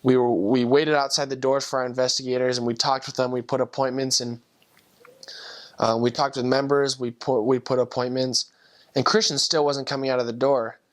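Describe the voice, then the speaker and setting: A man's voice: mid-range voice, flat delivery, fairly quick. Earnest man telling a heartfelt testimony. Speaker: former missionary. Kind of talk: personal faith testimony story.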